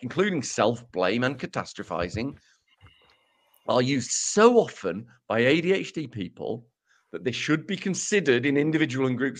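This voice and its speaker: A man presents research on a casual podcast, his pitch swinging up and down with lively energy. He speaks at a middle pitch and keeps dropping wry, self-mocking asides. The tone stays loose and joking.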